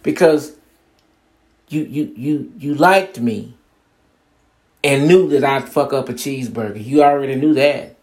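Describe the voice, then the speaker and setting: A man's voice: medium pitch, a little slow, long pauses, darkish tone. A man hosting a podcast, talking in a casual, profane, streetwise monologue and mocking other people's demands with "blah, blah". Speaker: podcast host.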